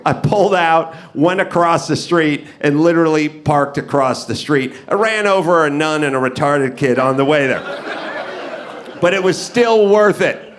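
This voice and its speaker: Man, podcast host, live comedy storytelling, animated delivery, middle pitch. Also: normal speed. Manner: animated, acts out dialogue with big pitch swings. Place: live podcast on stage before an audience.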